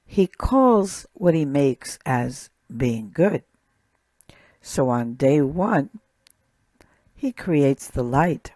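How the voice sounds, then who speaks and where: A woman teaching a recorded language lesson, speaking slowly and deliberately and repeating each word. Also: deep voice, very animated, dark tone, no echo. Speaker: Hebrew teacher.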